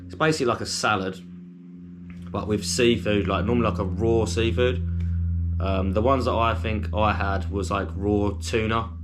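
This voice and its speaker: A man with a fairly low voice talks easily to his viewers as a food vlogger. He rambles a little, circles back to repeat things and fills his pauses with plenty of ums, keeping an informal, conversational flow. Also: fairly even intonation, noisy background. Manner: chatty, rambling, with frequent ums and fillers. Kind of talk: casual food review to camera.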